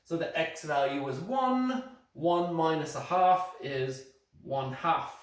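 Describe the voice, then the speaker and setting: Man doing a mock British math teacher, slow and higher-pitched, phone at a distance in an echoey room. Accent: put-on British accent. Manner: steady step-by-step explaining, correcting own slips. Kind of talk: recorded remote lesson.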